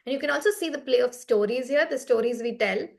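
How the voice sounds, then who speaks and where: A woman's voice: a little high, fast talker, gravelly. A woman leading a meditation session on a video call, telling a story in a reflective, conversational way and often checking in with "right?". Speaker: meditation facilitator.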